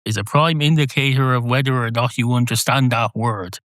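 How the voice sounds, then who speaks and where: A man's voice: medium pitch, steady tone, moderate pace, a bit bright, no room sound, natural voice. A man voicing a prim, formal barman, questioning a talking cat. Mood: puzzled. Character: prim, polite male barman.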